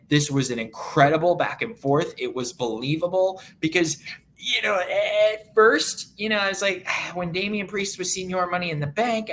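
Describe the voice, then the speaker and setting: A man's voice: fairly high pitch, a bit bright, slight background noise. A young man on a podcast giving his take on a wrestling match, rambling with fillers and restarts. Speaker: podcast co-host. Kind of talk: casual analysis chat.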